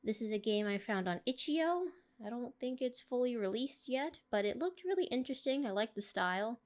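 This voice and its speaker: A woman's voice: fairly high pitch, lively intonation, brisk. A woman playing through a story game, chatting casually and reading its text aloud with frequent giggles. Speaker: gaming YouTuber. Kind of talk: game playthrough with read-aloud narration.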